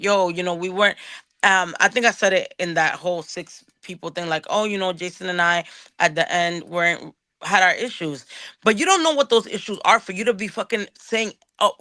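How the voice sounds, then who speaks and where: A woman delivers a heated, profane call-out, tripping over and repeating her words as her anger builds. Her voice is bright and edged, recorded dry and close with no room around it. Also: mid-range voice, no room sound. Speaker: guest on a streamer's show.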